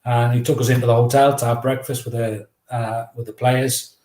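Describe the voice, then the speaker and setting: A middle-aged man, telling a story at a mid pitch in a lively, casual way and acting out each bit of dialogue. His voice carries a roomy echo. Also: moderate pace. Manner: lively, anecdotal, acts out dialogue. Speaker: guest, memoir author.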